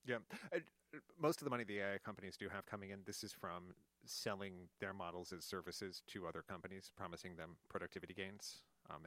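A man interviewing a guest, measured as he lays out the opposing case before his question. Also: sits low, a bit bright, no echo. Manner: measured, summarizing the other side's case before asking.

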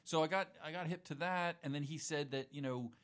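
A man's voice: fairly high pitch, fairly quick, a bit bright. A man in casual conversation, a musician guest who talks in a laid-back, rambling way, full of slang and asides.

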